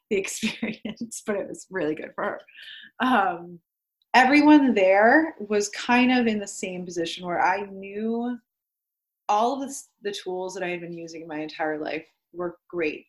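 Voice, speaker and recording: A young woman, a podcast guest, candidly telling her story in casual speech full of "like" fillers and the odd swear word. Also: medium pitch. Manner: chatty, swears freely, many "like" fillers.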